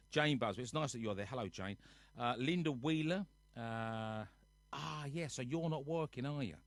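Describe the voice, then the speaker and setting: Male home livestream host, mid-pitched, chatty and jokey as he runs through viewer names, dry close sound. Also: no room sound. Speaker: singer hosting a nightly livestream. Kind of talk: casual livestream chat greeting viewers. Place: at home on a sofa.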